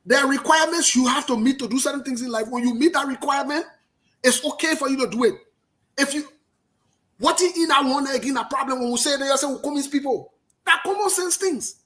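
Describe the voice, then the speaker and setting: Forceful Liberian man arguing politics. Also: very high voice, fairly quick. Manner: forceful, emphatic, repetitive, passionate. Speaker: political commentator. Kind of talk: political commentary.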